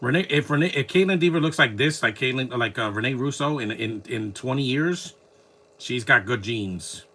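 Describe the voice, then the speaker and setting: A man's voice: medium pitch, animated, moderate pace, a bit bright. A man giving casual, opinionated commentary while watching a film, rambling and restarting his sentences.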